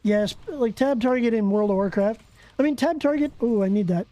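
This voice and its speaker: A streamer giving excitable, profane live commentary while playing a game and bantering with viewers. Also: mid-range voice, moderate pace, no room sound, lo-fi sound. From Canada.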